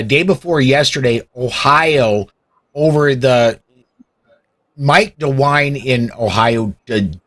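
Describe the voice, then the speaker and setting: A man's voice: mid-range voice, a bit bright. A man hosting a political podcast in casual talk, who starts with hesitant restarts and then builds to emphatic points. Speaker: podcast host.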